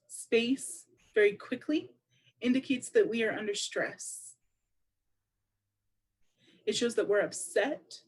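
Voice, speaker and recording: A woman interpreting aloud for a deaf presenter at a public seminar, speaking in a measured, explanatory way. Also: a little high, darkish tone. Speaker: sign language interpreter voicing a deaf presenter.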